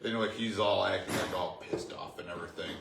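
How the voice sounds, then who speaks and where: A man's voice: sits low, fairly even intonation, a little fast, vocal fry, background noise. A man co-hosting a casual home talk show, telling a story in a laid-back, rambling way. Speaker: co-host. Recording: echoey room.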